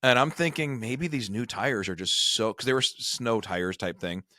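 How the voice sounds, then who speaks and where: A man's voice: medium pitch, animated, moderate pace, sharp tone, no echo, studio quality. A middle-aged man hosting a retirement show, telling a chatty, self-deprecating story in a casual conversation. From Michigan. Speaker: retirement advisor and show host.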